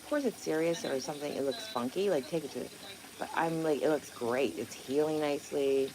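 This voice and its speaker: Speaking fairly quickly in a deep voice, a woman runs a casual outdoor livestream beside a pond. She wanders from topic to topic, swears occasionally, and responds aloud to viewers' comments, with background noise from outside.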